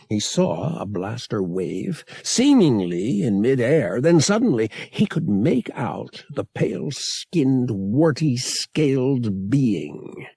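Male audiobook narrator; slow, low, gravelly, very lively delivery, dry close sound. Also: no echo. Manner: expressive storytelling. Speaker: audiobook reader. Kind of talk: scripted narration.

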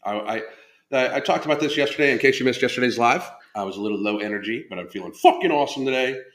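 This man has a medium-pitched, fairly bright voice and talks fast. Hosting a relaxed live stream from a room at home, the fitness coach and podcaster rambles profanely about his coaching, interrupting himself and restarting thoughts, and the audio has a roomy echo.

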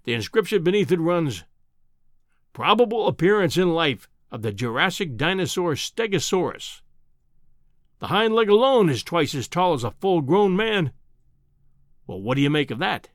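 A man playing a booming, scornful old professor. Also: big pitch swings, moderate pace, dry recording, clean studio sound. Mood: lecturing. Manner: booming, condescending, triumphant. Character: blustering, scornful older male professor. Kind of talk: audiobook character voice.

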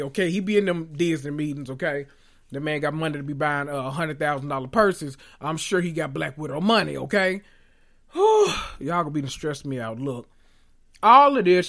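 A man giving a sassy, animated recap of reality TV in casual chat, swearing freely and often jumping into high voices to mimic people. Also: gravelly.

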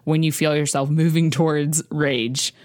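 A woman's voice: deep voice, steady tone, a little slow, a little mellow, no room sound. A woman hosting a podcast interview, responsive and chatty with her guest. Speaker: podcast host. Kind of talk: casual interview chat.

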